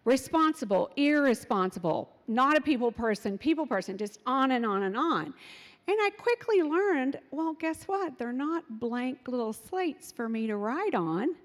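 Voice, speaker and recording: A middle-aged woman telling parenting stories in an animated way, acting out what her children said. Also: high voice, measured pace, in a large hall. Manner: animated, acts out quotes of her kids. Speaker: speaker sharing parenting stories. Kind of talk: storytelling talk.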